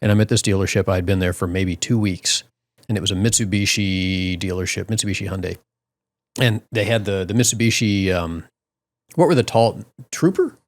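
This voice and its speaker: A middle-aged man telling a long comic story on a casual podcast, his voice jumping up into loud yelps when he quotes himself. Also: deep voice, fairly quick. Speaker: podcast co-host.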